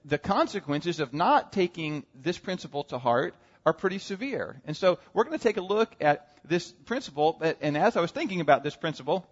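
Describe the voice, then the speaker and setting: A man's voice: fairly high pitch, sing-song, fairly quick, few pauses. An American man preaching a sermon as a pastor, telling humorous stories with frequent asides to his congregation. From United States. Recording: dull, muffled sound with long hall reverb.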